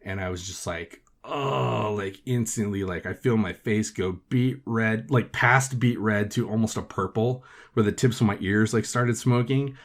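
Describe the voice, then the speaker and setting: A man's voice: on the low side, moderate pace, few pauses. A man hosting a podcast and telling a story in a casual way, swearing often and filling his talk with "like" and "uh". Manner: profane, filler-heavy with frequent "like". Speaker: podcast host.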